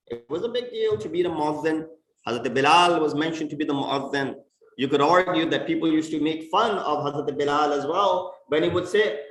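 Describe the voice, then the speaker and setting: A man preaches in a fairly high voice, stressing his points with sharp rises and drops. He is heard from a distance in a roomy, echoing mosque hall. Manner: emphatic, rising and falling for stress. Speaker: imam. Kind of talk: sermon. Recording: echoey mosque hall from far off.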